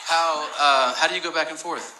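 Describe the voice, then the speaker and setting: A man's voice: a little high, fairly even intonation, normal speed, sharp tone, reverberant, rough recording. A man live-streaming, chatting with strangers in a teasing, profane way and laughing often.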